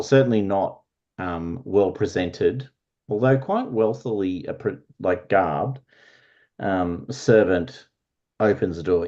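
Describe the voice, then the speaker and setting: A man's voice: fairly low pitch, dark tone, dull audio. A man narrating as game master in a tabletop game, meandering and searching for words.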